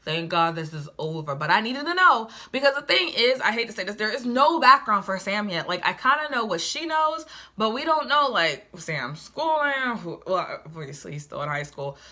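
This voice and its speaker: A young woman giving a casual, chatty book review, sassy and animated with lots of asides. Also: a little high, moderate pace.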